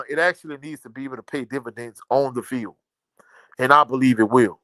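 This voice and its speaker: A man's voice: mid-range voice, brisk, sharp tone, no echo. A middle-aged man from Louisiana hosting a casual sports live stream, reading viewer comments aloud and repeating phrases for emphasis.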